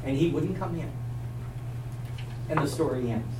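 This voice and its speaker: A man's voice: fairly high pitch, measured pace. A man teaching a Bible class, telling a story with animation and quizzing his listeners. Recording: echoey, from a distance, faint hum.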